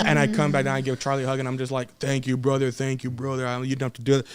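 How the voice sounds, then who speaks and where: A man's voice: mid-range voice, level tone, fast talker, smooth. A 21-year-old man from South Texas, a guest wrestler telling a story in a casual, emotional, rambling way with frequent restarts.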